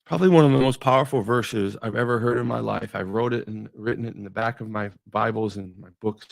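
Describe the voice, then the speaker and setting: Gravelly-voiced man giving a devotional talk. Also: lowish voice, a little fast, few pauses, no room sound. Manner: emphatic, repeats key phrases. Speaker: devotional podcast host.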